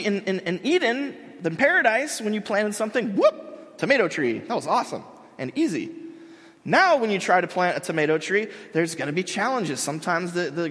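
A man's voice: on the high side, fairly bright tone. A male pastor giving a sermon in a casual, joking, conversational way. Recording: long hall reverb.

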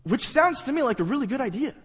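A man's voice: very high voice, slightly rough. Man preaching in a reverberant hall. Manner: conversational, halting with restarts, builds up animated. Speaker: pastor. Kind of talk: sermon.

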